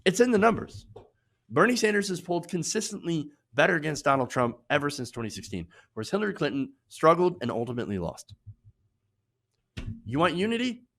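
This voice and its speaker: Animated, sarcastic male commentator. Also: on the high side, a little fast, creaky. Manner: emphatic, sarcastic, repeats for emphasis. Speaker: political commentary host. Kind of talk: opinion commentary.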